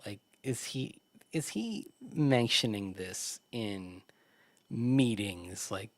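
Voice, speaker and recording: A man's voice: lowish voice, animated, slow pace, dry recording. A man co-hosting a sports radio show, chatting casually, laughing often and restarting his sentences. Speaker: sports radio co-host and team reporter.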